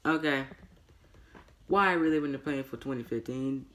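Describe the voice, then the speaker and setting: A man's voice: mid-range voice, normal speed, pushed and bright, a little hiss or hum. A man reviewing a wrestling show in a casual solo vlog, rambling and opinionated, repeating his words and chuckling often.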